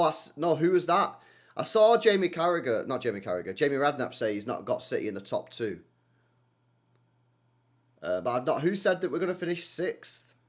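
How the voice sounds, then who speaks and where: Animated young man. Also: mid-range voice. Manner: animated, slangy, repeats himself with many tag questions. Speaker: streamer hosting a football watchalong. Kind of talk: casual livestream chat, reading and answering viewer comments.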